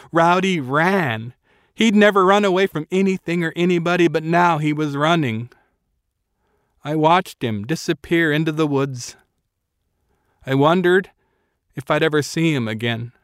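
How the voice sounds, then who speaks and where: A man narrating a novel in a measured, quiet storytelling manner. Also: fairly high pitch, clear, resonant tone, no echo, clean studio sound. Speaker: audiobook narrator. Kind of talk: scripted narration.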